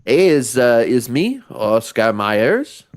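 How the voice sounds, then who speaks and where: A man's voice: medium pitch, very animated, slow. Man doing a goofy Quebecois slasher's brother. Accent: put-on Quebec French. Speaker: streamer.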